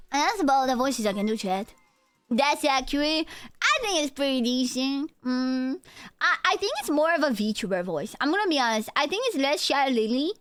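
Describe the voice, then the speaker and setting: A woman's voice: sits high, lively intonation, normal speed, fairly bright tone, dry recording. A young woman VTuber streamer chatting casually and playfully with her chat on a close mic. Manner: playful, joking, talks to chat.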